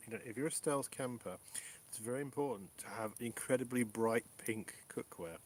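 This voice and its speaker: A man's voice: mid-range voice, moderate pace. A man with a mixed northern and southern English accent, hosting a casual live chat from a woodland camp and reading viewer comments aloud. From England. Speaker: live stream host. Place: woodland camp outdoors at night.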